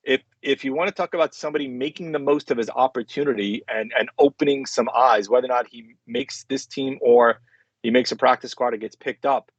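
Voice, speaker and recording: A man's voice: medium pitch, breathy edge, no room sound. A man co-hosting a sports talk show, talking it through conversationally with lots of "I mean" and "look" and some teasing. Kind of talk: casual sports debate. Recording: slightly dull lo-fi sound.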